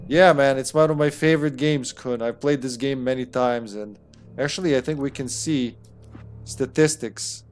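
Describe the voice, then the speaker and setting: Male streamer, mid-pitched, upbeat and chatty, loose swearing, casual home setup. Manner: upbeat, greets chat by name, swears casually. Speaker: streamer and host. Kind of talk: casual live-stream chat while gaming. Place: room at home.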